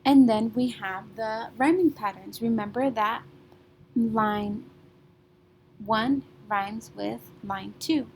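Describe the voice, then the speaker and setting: Teacher, female, slightly high voice, slow deliberate delivery, faint rumble behind. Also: a little mellow, poor audio. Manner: patient, repeats "okay?" often. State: keeps clearing her throat. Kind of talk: remote classroom lesson.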